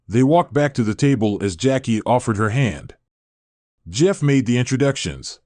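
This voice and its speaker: A man with a mid-range, darkish voice reads a scripted story aloud at a moderate pace, animated yet using one barely changing voice for both narration and every character's dialogue. The same lines come back again and again, recorded in a studio with no echo.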